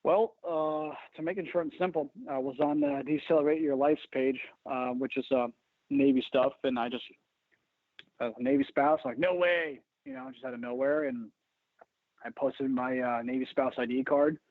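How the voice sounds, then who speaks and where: A man's voice: medium pitch, steady tone, moderate pace, dry recording. A man telling jokey, profane, rambling stories as a guest on a casual podcast. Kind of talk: casual chat. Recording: phone-line sound.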